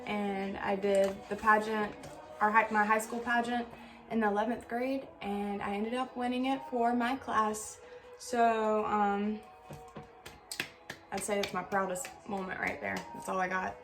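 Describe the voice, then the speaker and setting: A young woman with a drawl tells stories to her viewers in a loose, chatty way, full of fillers and restarts. Her voice sits at an ordinary pitch for a woman. Faint music plays underneath. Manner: chatty, animated storytelling with many fillers. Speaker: vlogger. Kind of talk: casual storytelling Q&A.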